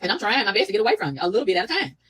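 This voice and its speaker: Fast-talking husky woman venting. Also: mid-range voice, rough recording. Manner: animated, profane, indignant. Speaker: vlogger. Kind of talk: casual venting storytime.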